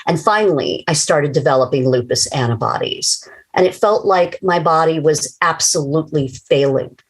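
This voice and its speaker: A woman's voice: low voice, moderate pace, breathy edge, poor audio. An older woman telling her personal story in an earnest, emotional way, as a scripted testimony.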